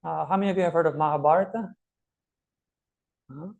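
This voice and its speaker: A man teaching a scripture class, telling stories and explaining verses with many pauses and restarts. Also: on the high side, vocal fry, dull audio. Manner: storytelling, many fillers and restarts.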